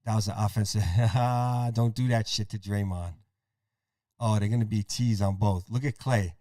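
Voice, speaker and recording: A man's voice: on the low side, no room sound, studio quality. Man calling a game play-by-play. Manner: rapid game calling, profane, excitable. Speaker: podcast host. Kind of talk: casual play-by-play over a game.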